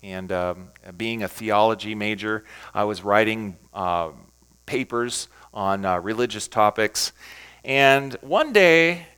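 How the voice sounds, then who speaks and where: A man's voice: fairly low pitch, slow, a bit bright, smooth. A man, a pastor, giving an emphatic teaching talk on reading scripture aloud, asking and answering his own questions.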